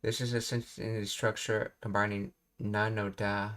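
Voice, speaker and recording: A man works through a language lesson on a live stream, reading explanations and pausing to ask himself questions. His voice sits low and stays flat. Keyboard typing is heard behind him. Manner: thinking aloud, reading explanations, self-questioning. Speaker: language teacher.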